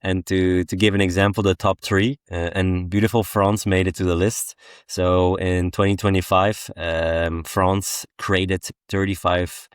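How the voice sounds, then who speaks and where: A young Belgian-accented man co-hosting a podcast in a relaxed, easygoing chat, pausing often on ums and uhs. His voice sits very low and stays quite flat in pitch. The recording is dry and close. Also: smooth, no room sound. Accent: West Flemish. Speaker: podcast co-host. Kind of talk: casual chat.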